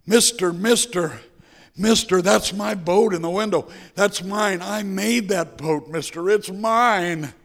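A man's voice: high-pitched, slow, gravelly, a bit bright, voice pushed up, exaggerated voice. A man preaching, voicing a small boy who pleads urgently in a raised, breathless voice. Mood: pleading. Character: little boy, eager, pleading.

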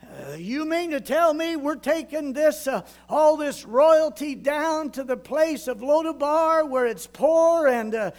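A man's voice: very high voice, expressive, measured pace, hardly any pauses, heavily acted. A man voicing an incredulous adult male chariot driver who questions his orders. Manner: disbelieving, questioning.

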